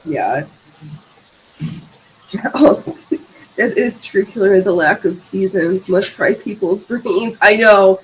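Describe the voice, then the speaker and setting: A woman's voice: mid-range voice, takes it slowly, pauses often, slight background noise, poor audio. A woman hosting a live stream in casual chat, joking along with her guest. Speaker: livestream host.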